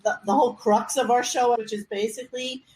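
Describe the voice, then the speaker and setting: A woman's voice: fairly high pitch, steady tone, a little fast, dark tone, a little hiss or hum, rough recording. A woman co-hosting a casual comedy podcast, talking in an exasperated way and laughing easily. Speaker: podcast co-host.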